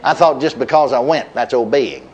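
A middle-aged man preaches a sermon at normal speed, telling a story in a folksy way with chuckles and repeated words. His pitch is lively but drops low at the ends of lines, and the recording has its highs cut off with slight background noise.

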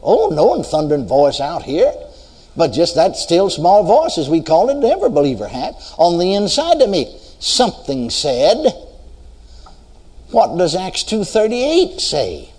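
A man's voice: high voice, wildly swooping pitch, measured pace, darkish tone, slightly rough, in a large hall. A man preaching a sermon, telling his story and quoting scripture in a swinging preaching cadence.

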